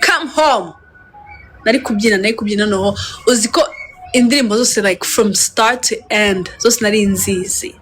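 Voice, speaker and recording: A woman telling a story in a casual interview, excitable, switching between languages and laughing often. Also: medium pitch, a little fast, a little hiss or hum.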